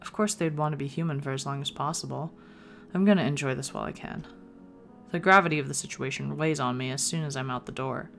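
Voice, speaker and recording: A woman's voice: rumbling low, fast talker, creaky, faint music behind. A woman reading a visual novel aloud in the first person, with playful asides of her own. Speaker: gaming video creator.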